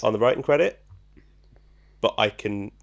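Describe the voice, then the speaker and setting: A podcast co-host reads out trivia in casual, joking chat, saying "um" a lot. His voice is lowish and creaky at a moderate pace, and the recording's highs are cut off.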